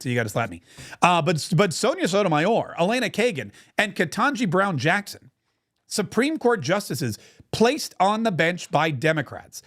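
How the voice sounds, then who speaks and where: A man's voice: high-pitched, a bit bright. A man hosting a political commentary show, talking in an emphatic, sarcastic and mocking way. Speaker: podcast host.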